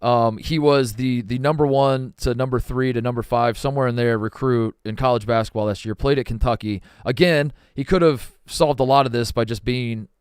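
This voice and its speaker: A man's voice: medium pitch, fairly quick, few pauses, smooth, dry recording, clean studio sound. A man co-hosting a sports podcast, talking in a rambling, profane, casual way. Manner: rambling, profane, trails off and restarts. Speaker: podcast co-host.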